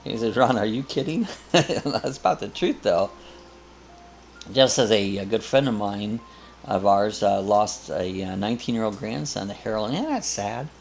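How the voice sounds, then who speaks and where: A man's voice: lowish voice, expressive, moderate pace, gravelly, soft background music. An older man hosting a casual live chat, rambling and chuckling as he reads viewer comments aloud. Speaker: host of a live coffee chat.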